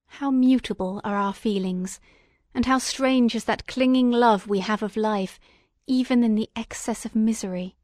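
A woman reading a classic novel aloud as an audiobook, in a measured, expressive and dramatic way. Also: fairly high pitch, no room sound, studio quality. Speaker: audiobook reader.

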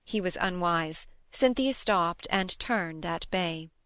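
A woman narrating a novel in a measured, steady audiobook reading. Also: fairly low pitch, clear, resonant tone, no echo.

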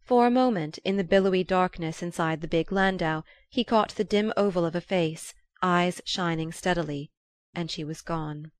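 Low-voiced woman reading a novel. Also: moderate pace, clean tone, no echo. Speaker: audiobook reader. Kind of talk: scripted narration.

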